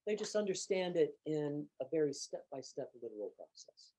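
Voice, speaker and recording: A man teaching piano, explaining calmly and patiently, step by step. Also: a little high, moderate pace, poor audio. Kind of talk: instructional demonstration.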